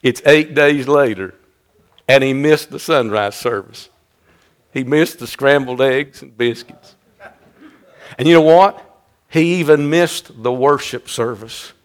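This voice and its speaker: A male pastor, preaching a sermon fervently and breaking into loud, high-pitched bursts. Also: a little slow.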